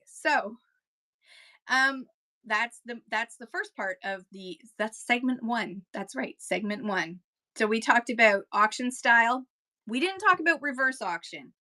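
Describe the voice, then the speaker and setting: A woman's voice: fairly high pitch, normal speed, pushed and bright. A woman hosting a live seller chat, talking casually and rambling, slipping into auctioneer patter, with a Kentucky accent. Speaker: host giving seller tips.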